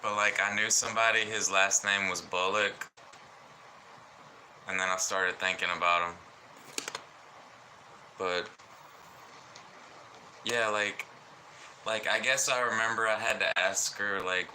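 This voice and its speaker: A slow-talking Southern man from Alabama chats in a rambling livestream, his accent plain as he drifts from thought to thought. His low voice has a strikingly bright tone, with faint room noise behind him. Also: fairly even intonation, rough recording. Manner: slow, rambling, lots of fillers. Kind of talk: casual rambling livestream chat.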